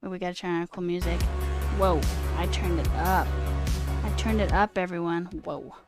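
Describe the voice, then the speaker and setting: A woman's voice: on the low side, moderate pace, music in the background. A woman streamer chatting casually with her viewers, trailing off and answering chat as she goes. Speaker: coding livestreamer.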